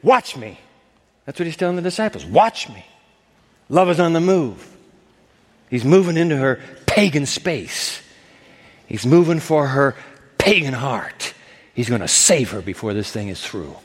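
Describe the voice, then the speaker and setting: A man preaching a sermon as pastor, animated and acting out the voices of the people in the story. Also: mid-range voice, moderate pace, in a large hall. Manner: animated, acts out voices of Jesus and the woman.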